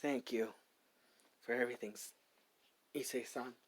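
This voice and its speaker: A gentle young woman who speaks softly and thanks those around her, her lines coming out halting and full of restarts. A man reads her in a near-ordinary voice. The delivery sounds like a casual spoken fan story. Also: mid-range voice, steady tone, voice pushed down, natural voice, low-quality recording. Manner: halting, with filler words and restarts.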